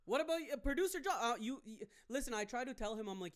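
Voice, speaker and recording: A man's voice: very high-pitched, fast talker. Rambling man telling a comic story. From Canada. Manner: rambling, animated, with many fillers. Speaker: stand-up comedian and podcast host. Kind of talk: casual comedic storytelling.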